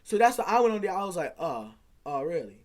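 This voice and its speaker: A young man, likely in his teens, telling a casual storytime, rambling and animated as he acts out quoted back-and-forth dialogue. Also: high-pitched, quick pace. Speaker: vlogger.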